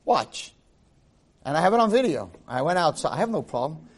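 Man, rabbi teaching a class, fairly high voice, swooping intonation, animated storytelling, Hebrew phrases mixed in. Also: quick pace, husky. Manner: animated, acts out quotes and shouts for emphasis; mixes Hebrew phrases into English. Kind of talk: Torah class, lively storytelling.

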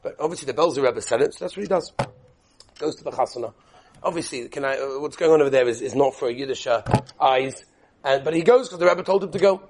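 A man teaching a Torah class as an animated sermon, mixing in Hebrew and Yiddish terms and quizzing his listeners. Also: mid-range voice, fast, background noise.

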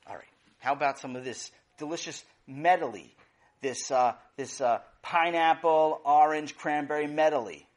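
A man's voice: fairly high pitch, fairly even intonation, a little slow, lightly acted. A man doing a coaxing mother. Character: patient, coaxing mother at dinner.

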